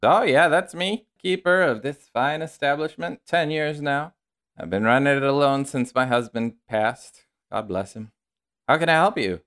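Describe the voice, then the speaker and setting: A man's voice: mid-range voice, normal speed, fairly bright tone, pitched above the performer's own voice, lightly acted. A man voicing a chatty, friendly widowed female innkeeper in a tabletop game.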